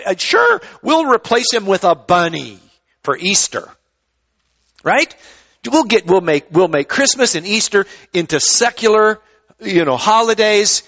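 A male pastor delivers a sermon in a loose, conversational style, often repeating words as he starts a thought. His voice sits fairly high for a man. The recording sounds dull and lo-fi. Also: a bit bright.

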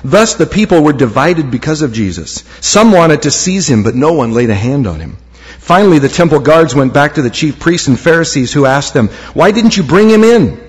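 A man's voice: fairly high pitch, animated, fairly quick, husky. A man preaching a sermon as pastor, reading scripture aloud in a church and lifting key phrases for emphasis. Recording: long hall reverb.

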